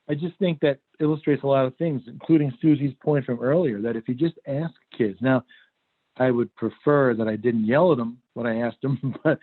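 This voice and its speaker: A middle-aged man giving a workshop talk and telling a story in an easy, conversational way. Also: medium pitch. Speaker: workshop presenter. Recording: phone-like video call audio.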